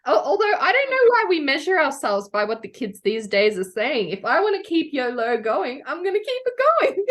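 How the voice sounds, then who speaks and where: A woman's voice: high-pitched, sing-song, normal speed, a bit bright. A woman co-hosting a podcast over a video call, chatty and playful, laughing often. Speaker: podcast co-host. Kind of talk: casual chat.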